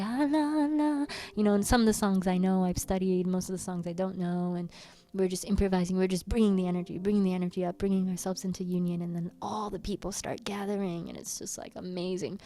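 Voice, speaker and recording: Animated woman telling a casual story. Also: mid-range voice. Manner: animated, playful, slips into quoted voices and humming. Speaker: workshop host.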